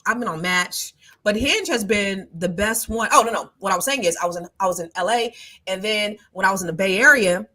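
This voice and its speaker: A woman's voice: medium pitch, brisk, bright, forceful tone. Blunt, joking woman in her forties. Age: 40s. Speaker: podcast co-host. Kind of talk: casual chat.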